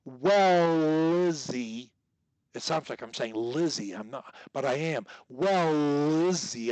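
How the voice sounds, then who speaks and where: A man's voice: fairly high pitch, dry recording. A man coaching a student one-on-one over a video call, emphatic and fond of repeating his key points. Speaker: speech coach.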